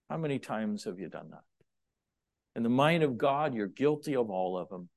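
A middle-aged man preaching a sermon, moving between loud, emphatic points and quiet, chatty asides to the congregation. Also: mid-range voice. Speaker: pastor.

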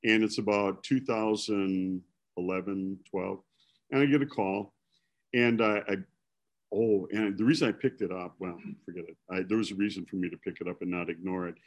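Rambling, self-deprecating preacher. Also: male voice, deep voice, steady tone, normal speed. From Milwaukee. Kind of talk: casual storytelling sermon.

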